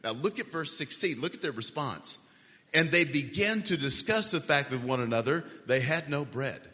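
A man preaching a sermon as pastor, telling the story with animated voices for panicked disciples. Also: medium pitch, moderate pace. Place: church sanctuary. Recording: long reverb of a large hall.

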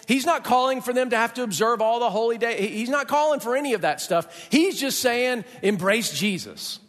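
High-voiced man preaching in a reverberant hall. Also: a bit bright. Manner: emphatic, conversational preaching with dramatic pauses. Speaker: pastor. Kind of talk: sermon.

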